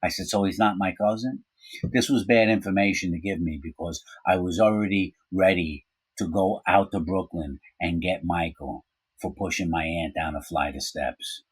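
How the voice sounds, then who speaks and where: A man's voice: deep voice, moderate pace, breathy edge, dry recording, low-quality recording. A man telling a personal story in a casual, rambling way, full of asides and fillers.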